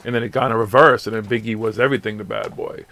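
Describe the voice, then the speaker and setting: A man hosting a casual late-night radio chat, telling stories in a loose, profane and animated way. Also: fairly low pitch, quick pace. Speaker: radio show host.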